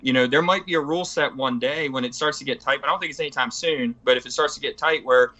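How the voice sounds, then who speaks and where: A man's voice: medium pitch, fast talker, sharp tone, poor audio. A man chatting as a guest on a casual show, rambling eagerly with many filler phrases. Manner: rambling, eager, heavy on "you know". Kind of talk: casual chat.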